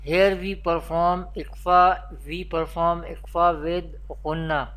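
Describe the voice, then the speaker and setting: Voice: mid-range voice, little pitch movement, takes it slowly, fairly bright tone, smooth. A Quran teacher giving a beginner recitation lesson, naming letters one at a time and repeating spelling drills. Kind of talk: recorded beginner pronunciation lesson.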